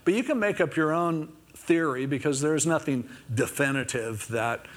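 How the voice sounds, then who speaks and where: A man preaches in a loose, conversational way, talking through scripture like a story told to friends. His voice sits a little on the high side, and he drops into small character voices when quoting people. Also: moderate pace. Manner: casual, acts out quotes in little voices. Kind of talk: conversational sermon.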